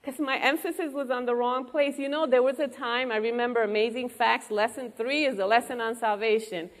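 A woman's voice: a little high, steady tone, a little fast. A woman preaching a sermon to a congregation, earnest and engaging, often asking the room questions. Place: church hall before a congregation. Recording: long hall reverb.

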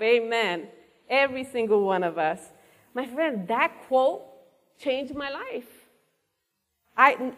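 An earnest woman delivers a sermon to a gathered congregation, calling out questions to the room as she goes. Her voice sits a little high, and a long reverb trails behind her words in the church hall. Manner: earnest, engaging the audience with questions. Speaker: preacher.

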